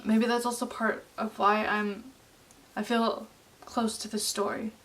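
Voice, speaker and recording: A woman in her late twenties speaks to camera in a personal vlog, earnest and heartfelt, her sentences often halting and restarting. Her voice sits a little high, and she sounds a touch distant from the mic. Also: little pitch movement, fairly bright tone. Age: late 20s. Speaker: vlogger.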